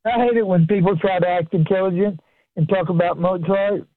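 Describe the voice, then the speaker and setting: High-voiced man telling jokes by phone. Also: a little fast. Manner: steady storyteller acting out dialogue. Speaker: regular joke-telling caller. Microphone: telephone. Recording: tinny phone line.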